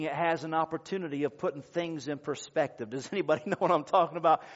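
A male pastor delivers a sermon in an earnest, measured storytelling tone, lingering on pauses. His voice sits a touch high for a man. The recording is dull and lo-fi. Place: church service.

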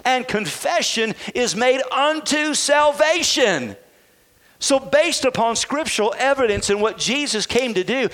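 A man's voice: extremely high pitch, a bit bright. A man preaching a sermon as pastor, asking his congregation questions and calling for amens.

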